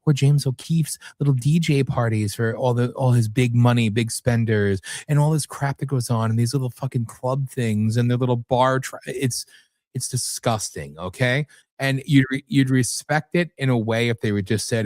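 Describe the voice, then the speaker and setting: A man's voice: medium pitch, moderate pace, no echo. Man, mid voice, blunt, angry talk, dry sound. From United States. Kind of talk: heated political talk.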